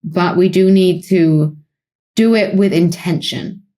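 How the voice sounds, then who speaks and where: A British woman with a British English accent and a fairly low voice, talking through ideas in a calm, explanatory way. She speaks as a psychologist co-host in relaxed podcast conversation, now and then with a light laugh. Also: slow. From Britain.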